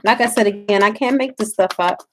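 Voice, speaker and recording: A woman's voice: mid-range voice, fairly quick, fairly bright tone, slight background noise. A woman giving a live spiritual reading, talking to her viewers in an emphatic, preachy way. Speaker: spiritual reader.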